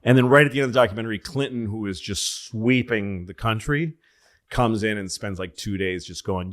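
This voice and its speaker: A man's voice: fairly low pitch, normal speed. A man telling casual, rambling, profane stories and often correcting himself. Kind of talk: casual comedic storytelling.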